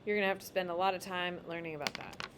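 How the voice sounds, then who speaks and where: A woman's voice: on the low side, steady tone, fast talker, noisy background. Casual, emphatic woman teacher. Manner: casual, emphatic, talks while drawing on a map. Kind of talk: classroom lecture. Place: classroom.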